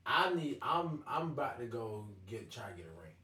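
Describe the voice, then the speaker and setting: A man's voice: mid-range voice, big pitch swings, normal speed, bright, forceful tone, breathy edge. A man in a casual sports podcast chat, slangy and emphatic, interjecting often.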